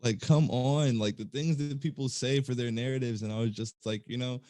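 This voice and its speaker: A man co-hosting a sports podcast, ranting in an animated, exasperated way. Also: mid-range voice, moderate pace, dry recording. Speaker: podcast co-host. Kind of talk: casual sports chat.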